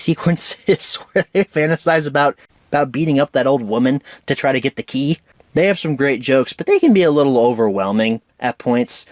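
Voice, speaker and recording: A man's voice: mid-range voice, no echo, studio quality. A man giving an enthusiastic, opinionated casual film review as host of his own show.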